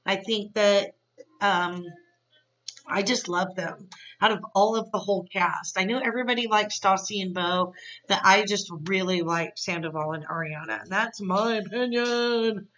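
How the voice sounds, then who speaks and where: Bright-voiced woman recapping a show, lo-fi. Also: mid-range voice, steady tone, moderate pace, recorded from a distance. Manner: chatty and opinionated, many fillers. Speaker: podcast host. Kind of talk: casual episode recap.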